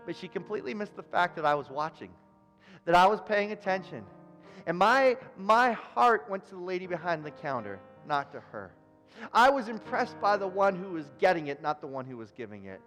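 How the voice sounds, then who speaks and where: A man, a pastor, preaching a sermon and telling a story, building to emphatic repeated phrases. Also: sits high. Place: church sanctuary. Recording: church hall reverb with soft keyboard music.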